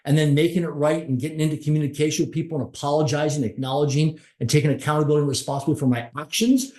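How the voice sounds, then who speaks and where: A middle-aged man pitched a little high tells a motivational story as an interview guest. He talks emphatically, piling up short repeated phrases. The recording has a roomy echo around his voice. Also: fairly even intonation, very fast, a little mellow. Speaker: podcast guest.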